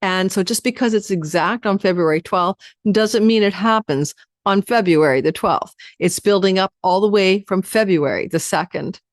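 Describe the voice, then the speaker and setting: A woman astrologer giving a chatty weekly forecast, talking fast and speaking straight to her viewers. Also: medium pitch, no room sound, studio quality. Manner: addresses viewers directly.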